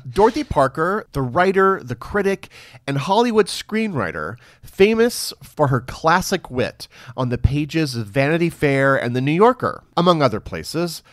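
Lively, animated male podcast host. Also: on the high side, no room sound, clean studio sound. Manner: playful, laughs often, teasing banter. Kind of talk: history podcast chat and narration.

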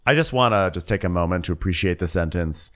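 A man co-hosting a casual podcast with a somewhat low voice. He tosses off wry jokes and asides. When he quotes people in a mocking way, he turns loud and high. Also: fast talker. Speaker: podcast co-host. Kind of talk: casual recap chat.

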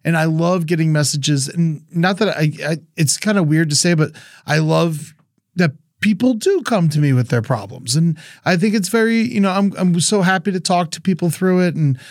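A man's voice: a little high, fairly quick, dry recording, studio quality. A man co-hosting a podcast, telling a story in a rambling casual way with many restarts. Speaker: podcast co-host. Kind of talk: casual chat.

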